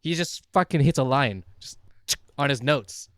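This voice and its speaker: A man's voice: mid-range voice, normal speed, no room sound, studio quality. A young man, a podcast co-host, rambling through a funny story in casual chat, laughing and swearing freely. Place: small podcast studio.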